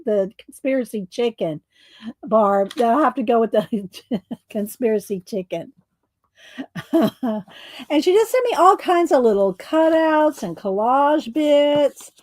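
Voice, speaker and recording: A chatty woman, a little higher-pitched than most, hosting a relaxed art-supply livestream. She rambles and giggles between thoughts. The sound is very dry and close, with no room echo. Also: slow. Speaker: art channel host. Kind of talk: casual livestream chat.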